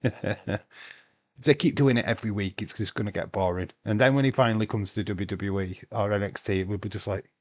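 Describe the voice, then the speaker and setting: A man's voice: fairly low pitch, a little fast. Chatty British man hosting a livestream. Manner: chatty, reads and answers viewer chat, swears casually. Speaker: livestream host. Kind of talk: casual live watch-along chat.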